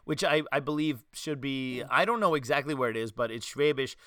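A man with a New York accent, hosting a podcast and telling animated stories in casual chat. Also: mid-range voice, a little fast, clean tone, dry recording, studio quality. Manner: animated storytelling, slipping into quoted voices. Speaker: podcast host.

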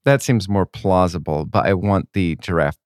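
A man's voice: deep voice, normal speed, smooth, no echo, clean studio sound. A man co-hosting a casual podcast, thinking aloud with hesitant restarts. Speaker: podcast co-host. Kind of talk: casual chat.

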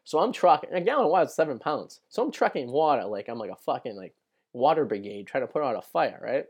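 A man's voice: mid-range voice, big pitch swings, fast talker, a little mellow, breathy edge. Rambling, profane young man telling a story. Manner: rambling, profane, fills with "right?" and "like". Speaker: podcast host. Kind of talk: casual storytelling monologue.

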